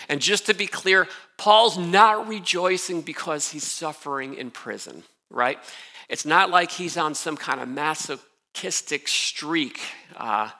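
Bright-voiced preacher in a reverberant hall. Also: male voice, on the high side. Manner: earnest, emphatic, with frequent restarts. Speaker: pastor. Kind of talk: sermon.

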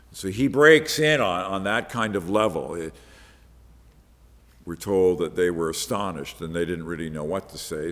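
A man's voice: fairly low pitch, fairly bright tone, long reverb tail. A man preaching a Bible-teaching sermon, explaining the passage step by step in a conversational way.

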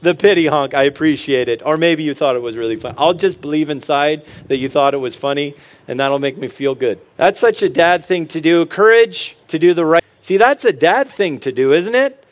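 Joking dad giving a pep talk. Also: male voice, a little high, expressive, moderate pace. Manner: joking, storytelling, earnest asides. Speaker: speaker on fatherhood. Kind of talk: humorous motivational talk.

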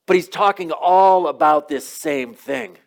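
A man's voice: sits high, sing-song, measured pace, creaky. Conversational male pastor preaching. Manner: conversational, storytelling preaching with casual asides. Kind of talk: sermon.

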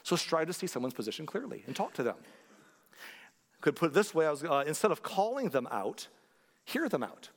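A man preaching with an earnest, conversational delivery, his voice sitting a little high and climbing on his key points. His sermon rings out through a large sanctuary with long reverb trailing after each phrase. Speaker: pastor.

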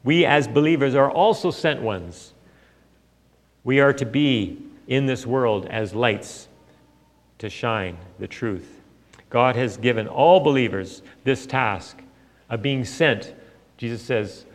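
A man's voice: mid-range voice, takes it slowly. A man preaching a sermon in a conversational, storytelling way, with frequent fillers. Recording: long hall reverb.

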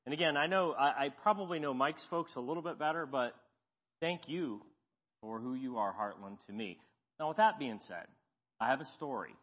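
A man's voice: medium pitch, normal speed. Folksy preacher man in an echoey church. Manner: folksy, self-deprecating, animated when telling stories. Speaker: guest pastor. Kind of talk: sermon with storytelling. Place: church sanctuary. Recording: dull sound, long church reverb.

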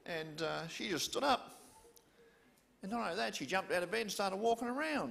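A male preacher tells a story in an animated, conversational way, often turning to his listeners with questions. His voice sits a little high for a man and rises and falls freely as he builds up the scene. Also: moderate pace, gravelly. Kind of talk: storytelling sermon.

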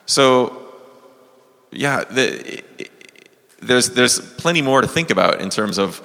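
Low gravelly man, lively and bright. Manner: hesitant, repeats words while thinking. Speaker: pastor. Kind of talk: church panel discussion. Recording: long hall reverb.

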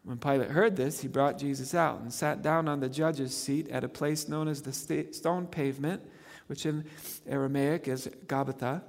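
A man's voice: medium pitch, steady tone, moderate pace, vocal fry, in a large hall. A man preaching a sermon, earnest and emphatic, pushing his voice up on key phrases. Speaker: pastor.

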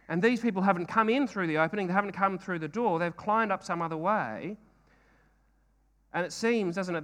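A man's voice: high voice, a bit bright. A man preaching a sermon, earnest, with frequent rhetorical questions and repeated phrases.

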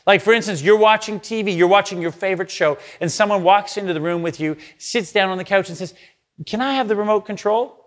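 A man's voice: high-pitched, fairly even intonation, fast talker, few pauses. A man preaching a sermon in a conversational way, reading scripture and acting out the quoted lines. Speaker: pastor.

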